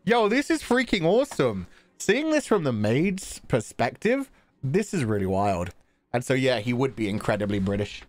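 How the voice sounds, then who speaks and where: Excitable man streaming a game. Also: mid-range voice, moderate pace, no echo. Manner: excitable, laughing, swears freely. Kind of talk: gaming livestream commentary.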